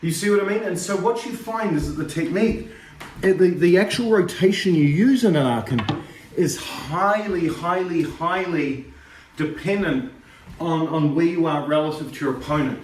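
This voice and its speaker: Karate teacher guy, kinda high voice, counting reps, far off phone mic in a really echoey room. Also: animated, moderate pace. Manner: explains then counts reps aloud in sharp calls. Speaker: karate instructor. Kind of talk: informal martial arts lesson. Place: home training room. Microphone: phone camera across the room.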